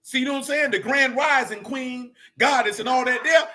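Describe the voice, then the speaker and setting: A man's voice: extremely high pitch, brisk, few pauses, sharp tone. A man leading a casual Bible study, blunt and slangy as he preaches and rants.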